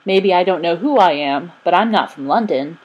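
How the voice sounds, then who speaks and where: A woman's voice: lowish voice, expressive, moderate pace, slightly rough, lo-fi sound. A woman reading a cheeky, teasing boy. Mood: playful. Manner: teasing, playful. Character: quick, cheeky London boy.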